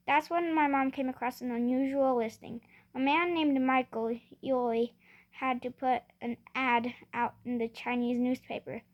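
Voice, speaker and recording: A woman reading a children's novel aloud in first person, often restarting words. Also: high voice. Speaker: reader.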